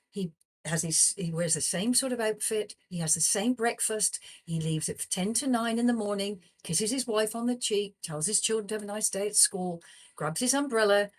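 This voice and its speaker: A woman, a psychologist, telling a personal story in conversation and acting out the people in it. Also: mid-range voice. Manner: animated storyteller, acts out quoted dialogue. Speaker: psychologist guest.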